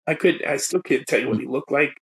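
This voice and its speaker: A man's voice: mid-range voice, quick pace, fairly bright tone, husky. A man, a guest poet and educator, telling his personal story in a reflective, openly emotional way with self-conscious laughs.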